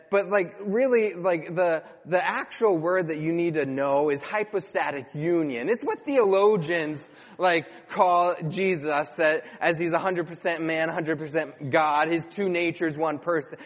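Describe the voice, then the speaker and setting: A man in his thirties preaching a sermon as a pastor, telling a story in a chatty, animated way. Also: a little high, unhurried. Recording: long hall reverb.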